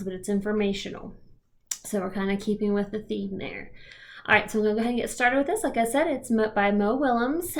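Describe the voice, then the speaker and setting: A woman kindergarten teacher giving a read-aloud lesson to young children, gently explaining with a few fillers. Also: a little high. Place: home, recorded for remote learning.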